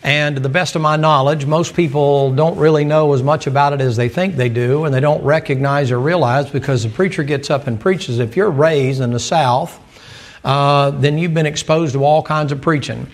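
A man's voice: a little high, steady tone, normal speed. A man preaching a sermon in a folksy storytelling manner with emphatic asides.

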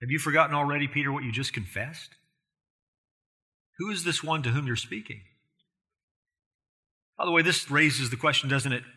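A man's voice: fairly high pitch, normal speed, pauses often, bright, forceful tone. A man preaching an expository sermon, earnest and emphatic, often putting rhetorical questions to his listeners. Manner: emphatic, rising in force on key points.

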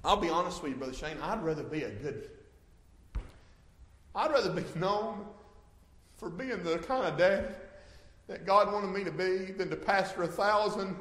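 A man preaching with fervor in a church sanctuary, his fairly high voice swinging between hushed and loud. The sound comes back from a roomy hall with a long reverb trailing each line. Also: moderate pace, long pauses. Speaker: pastor. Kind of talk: sermon.

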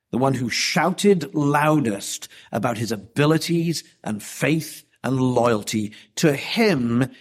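Male preacher, slow measured delivery, emphatic, rhetorical questions, sermon. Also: mid-range voice, slightly rough. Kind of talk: expository sermon.

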